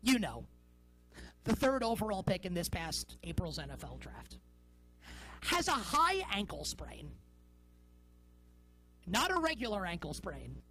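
A woman's voice: mid-range voice, big pitch swings, measured pace, long pauses, a bit bright, soft background music, poor audio. A woman in her thirties delivers a sports talk show monologue. She rambles, sounds incredulous, and hits key words hard.

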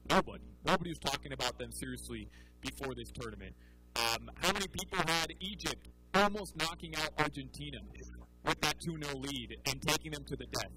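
Bright, forceful male sports-bet analyst, quick casual chatter with restarts. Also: fairly high pitch, slight background noise, poor audio. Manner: chatty, animated, frequent restarts. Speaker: soccer betting analyst guest. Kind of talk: casual podcast chat.

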